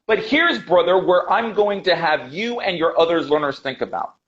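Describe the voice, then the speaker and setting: An American man with a high voice speaks emphatically as a guest on a video call, pressing his points and repeating them for weight. He is an English teacher who calls his host brother. The audio is dull and lo-fi, as call audio often is. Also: sing-song, normal speed, fairly bright tone, a little hiss or hum. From United States. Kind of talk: passionate interview talk.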